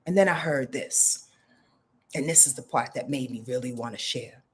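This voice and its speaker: A woman's voice: extremely low pitch, normal speed, husky. A middle-aged woman astrologer talking frankly in a casual confessional vlog, rambling and swearing freely.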